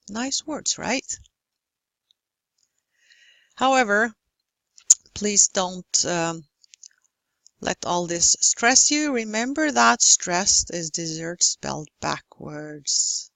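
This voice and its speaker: A woman teaching English word stress in a recorded lecture, slowly and carefully modelling each example word. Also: medium pitch, lively intonation, creaky, a bit bright, dry recording. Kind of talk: recorded lecture over slides.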